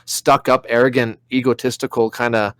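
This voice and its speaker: A man co-hosting a podcast, casually ranting about disappointing movies with animated storytelling and plenty of swearing. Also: mid-range voice, normal speed, smooth, no room sound. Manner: animated storytelling, mimics people mid-rant, swears freely. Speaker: podcast co-host. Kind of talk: casual chat.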